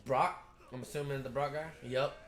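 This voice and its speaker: A man of middle pitch gives loose reaction commentary, cursing often and shouting excitedly at the screen. His voice carries a roomy echo. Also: moderate pace. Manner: profane, excitable outbursts at the screen. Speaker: anime reaction host.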